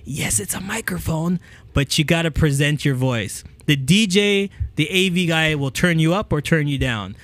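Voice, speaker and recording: Speaking at normal speed in a dry recording, this man's voice sits on the high side. Hosting a talk, he offers casual speaking tips into a handheld microphone, energetically asking "okay?" again and again and demonstrating by bringing the mic close and pulling it away, all in a relaxed coaching style to camera.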